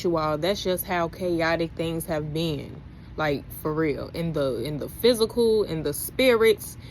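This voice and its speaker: An animated young woman, vlogging straight to camera about faith. She talks like she's preaching to friends, and her voice jumps way up whenever she gets fired up. A faint hiss of noise runs under her voice. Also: fairly low pitch. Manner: animated, preachy, rising to exclaim. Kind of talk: casual vlog, talking to camera.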